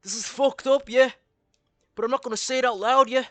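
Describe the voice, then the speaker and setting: A man voicing a chill male fighter who feels uneasy, in a high, strained, shouted voice. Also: fairly even intonation, fairly quick, dry recording.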